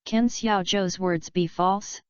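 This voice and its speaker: A woman voicing a worried middle-aged mother who is quick to change her mind, read in a plain, even manner. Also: mid-range voice, clean tone, no room sound, dull audio, lightly acted. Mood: reproachful.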